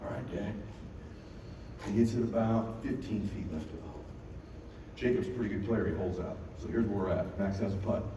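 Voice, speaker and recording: A man giving a motivational keynote, telling a story in an animated way, acting out quotes and bursting into shouts. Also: fairly low pitch, fast talker. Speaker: keynote speaker. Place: large event hall. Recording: echoey hall, mic from far off, noisy.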